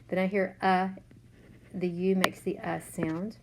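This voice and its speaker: Woman teacher, low-pitched, patient and slow, noisy recording. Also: level tone. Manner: slow, patient, sounds out letters. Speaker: third grade teacher. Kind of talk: remote spelling lesson.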